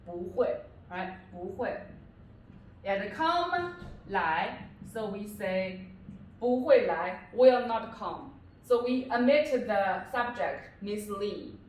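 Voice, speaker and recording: A woman's voice: mid-range voice, expressive, slow pace, distant mic. A woman tutor giving a classroom-style lesson, patiently repeating each phrase and explaining it step by step. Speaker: language tutor. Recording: echoey room, voice away from mic.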